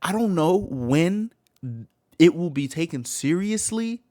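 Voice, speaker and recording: A man's voice: a little high, expressive, takes it slowly, a little mellow. Man ranting in disbelief, voice swinging. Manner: heated, incredulous, profane, rhetorical questions. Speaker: reaction video host. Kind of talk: ranting reaction commentary.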